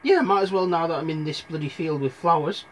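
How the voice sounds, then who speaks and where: A man's voice: a little high, fairly quick, slight background noise, lightly acted. A man voicing a sarcastic, complaining young girl in a comic storybook retelling, in a raised, whiny voice.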